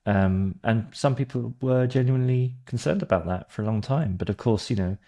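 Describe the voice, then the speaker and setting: A man joining a podcast conversation as a guest, speaking in a measured, thoughtful way. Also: mid-range voice, dark tone. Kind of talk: casual conversation.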